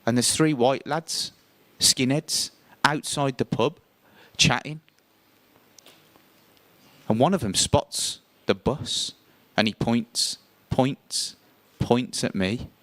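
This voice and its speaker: A man telling a first-person story on stage, lively and theatrical, his voice rising sharply when he acts out tense moments. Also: medium pitch, slow pace, no echo. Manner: animated, voice jumps up when acting out scenes.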